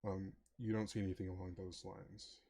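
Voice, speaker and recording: A man narrating as game master of a tabletop game, talking with many pauses and fillers. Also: sits low, little pitch movement, warm tone, a little hiss or hum. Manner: hesitant, many ums and uhs.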